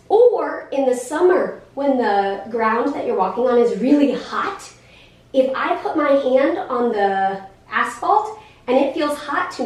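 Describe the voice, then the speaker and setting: Woman, 30s, sing-song teacher voice, recorded from across a roomy classroom. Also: high voice. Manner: animated, sing-song teacherly talk with many questions to the kids. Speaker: guest speaker in a special education class. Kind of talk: explaining to children. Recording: echoey classroom, voice from far off.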